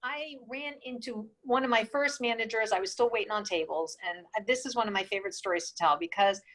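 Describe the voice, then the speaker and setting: A woman in her sixties, a guest in an interview, tells her stories with great animation and slips into the voices of the people she quotes. Her voice sits fairly high, with a bright, forceful edge. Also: brisk, low-quality recording. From New York State. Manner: animated storyteller who acts out quoted dialogue. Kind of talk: casual storytelling interview.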